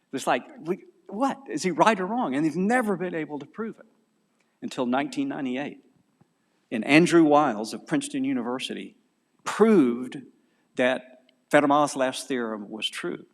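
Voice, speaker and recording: A man with a Southern American accent giving an animated, digressive conference lecture, often correcting himself mid-sentence. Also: mid-range voice. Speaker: conference speaker. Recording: long hall reverb.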